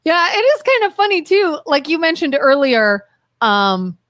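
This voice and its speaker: A woman co-hosting a radio talk show, chatting casually and quickly, acting out her side of arguments and laughing often. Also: high voice, big pitch swings, fairly bright tone, no echo, clean studio sound. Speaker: co-host. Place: radio studio. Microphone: studio microphone.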